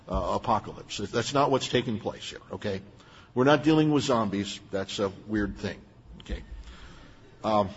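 A man's voice: medium pitch, slightly rough. An older man preaching a sermon as a pastor, earnest and emphatic, with plain asides to his listeners. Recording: muffled, long hall reverb.

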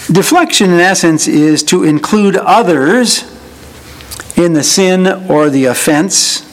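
High-voiced preacher man. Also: a little hiss or hum, low-quality recording. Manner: acts out quoted voices, dry humor. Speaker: pastor. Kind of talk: sermon.

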